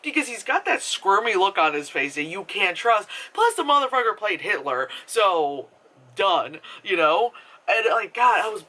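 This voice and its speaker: A man's voice: high voice, sing-song, moderate pace, sharp tone. A man giving a casual, rambling movie review, full of fillers and swearing. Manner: rambling, filler-heavy, profane.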